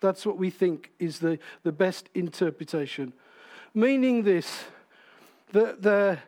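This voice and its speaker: A man's voice: sits high, animated, slow pace, darkish tone. A man preaching a sermon in church, in a conversational way, asking the congregation questions.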